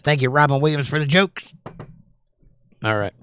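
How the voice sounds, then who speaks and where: A hoarse man from North Carolina hosting a casual livestream chat, joking and rambling with viewers. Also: on the high side, moderate pace, bright, forceful tone. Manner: joking, rambling, does silly voices. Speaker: livestream host.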